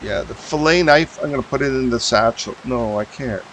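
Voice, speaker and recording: A man gives casual commentary on a survival game he is streaming, talking to himself as he sorts his gear. He fills his sentences with ums and half-starts. His voice sits at a mid pitch, with a faint hiss of rain behind it. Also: brisk, few pauses, fairly bright tone, rough recording. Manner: thinks aloud, mumbling fillers while sorting items.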